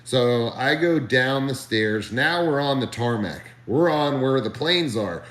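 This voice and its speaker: A man tells a long, comic rant on a live stream, his voice riding up and down with animated emphasis. He swears freely and talks in a mid-pitched voice. The room is roomy and echoey. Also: a little slow. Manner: animated, ranting, profane. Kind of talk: comedic storytelling.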